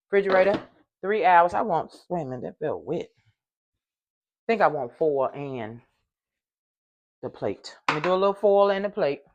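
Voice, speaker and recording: An older woman chatting casually to viewers while baking in her home kitchen. She hums along as she works and sometimes gets loud in the microphone. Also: fairly low pitch, muffled recording, a little hiss or hum. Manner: loud at times, apologizes for yelling into the mic. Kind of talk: casual cooking vlog.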